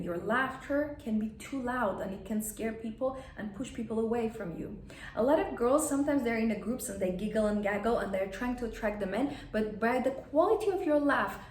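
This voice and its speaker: A woman's voice: on the high side, a little mellow, echoey room, recorded from a distance, slight background noise. A woman coaching etiquette in a plain instructive way, stating blunt rules and acting out examples. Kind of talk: advice vlog lesson.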